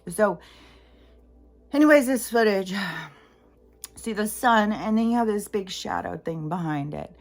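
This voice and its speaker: A woman's voice: mid-range voice, a little slow, long pauses. A middle-aged woman talking in a casual, rambling vlog monologue, jumping between tangents with lots of fillers. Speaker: spiritual vlogger.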